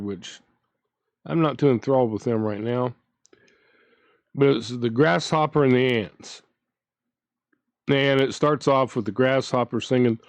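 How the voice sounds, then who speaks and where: A man's voice: mid-range voice, dry recording, lo-fi sound. A man hosting his own channel, ranting in a casual, indignant way, with frequent restarts as he talks. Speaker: commentary channel host.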